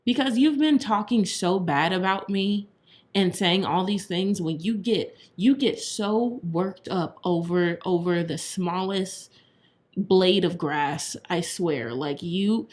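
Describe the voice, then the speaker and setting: A woman's voice: on the low side, a little mellow. A woman co-hosting a podcast in casual chat, getting heated and swearing as she vents. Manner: heated, swearing, talks fast when worked up. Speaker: podcast co-host.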